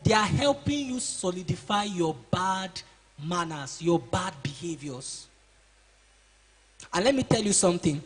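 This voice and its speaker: High-voiced man lecturing boys. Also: lively intonation, unhurried, husky. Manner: preachy, asks the audience questions and acts out excuses. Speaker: seminar speaker for boys. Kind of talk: motivational talk to teenagers. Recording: reverberant hall.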